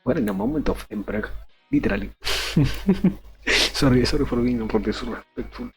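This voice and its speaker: A man's voice: lowish voice, a little fast, a little mellow, soft background music. Laughing male streamer. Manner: laughing, swearing, joking asides. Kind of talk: casual reading stream with commentary.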